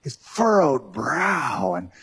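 A man preaching a sermon, animated, with joking asides and acted-out quotes. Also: medium pitch, takes it slowly, breathy edge. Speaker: pastor.

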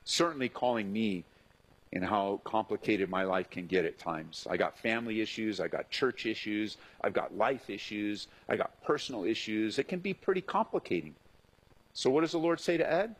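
A middle-aged man, a pastor, preaching a sermon in an animated way, acting out the voices he quotes. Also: lowish voice, moderate pace, husky, rough recording.

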